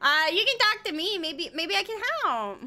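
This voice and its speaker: A young woman streaming a game, joking and swearing in animated, loose commentary and laughing often. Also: extremely high pitch, normal speed. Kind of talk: casual live-stream gaming commentary.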